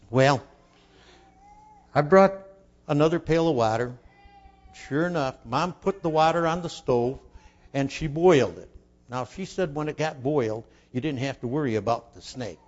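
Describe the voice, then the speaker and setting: An older man telling a folksy childhood story, asking his listeners questions and dropping to a hush for his inner thoughts. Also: a little high, normal speed, pauses often. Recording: dull lo-fi recording.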